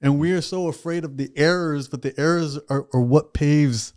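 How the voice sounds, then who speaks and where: A man's voice: a little high, normal speed, darkish tone. A man who is an author and a podcast guest, talking in a reflective way and explaining ideas with examples. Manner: reflective storyteller who uses examples and analogies. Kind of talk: podcast conversation.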